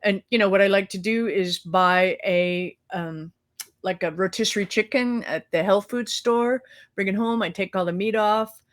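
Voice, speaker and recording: A woman's voice: medium pitch, moderate pace. A middle-aged woman co-hosting a live talk show over a video call, chatting casually and rambling with fillers and restarts. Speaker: co-host. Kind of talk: casual chat.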